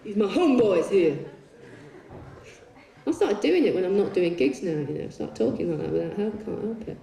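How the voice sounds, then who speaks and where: A woman's voice: mid-range voice, moderate pace, gravelly. Bawdy woman on a stage. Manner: bawdy, swearing, deadpan comic asides. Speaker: poet performing on stage. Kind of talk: live stage storytelling. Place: large concert arena on stage. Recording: echoey arena heard from far off.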